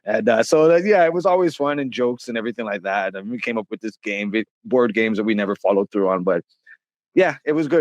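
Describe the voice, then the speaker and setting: A man's voice: fairly low pitch, animated, fairly quick, a little mellow, no room sound. A middle-aged man telling stories in a casual interview, rambling with many fillers and restarts. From Canada. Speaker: interview guest, rapper.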